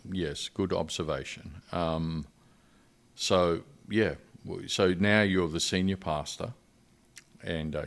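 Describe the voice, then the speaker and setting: A man's voice: deep voice, gravelly. An older man with an Australian accent, a missionary guest telling his story earnestly in a podcast interview.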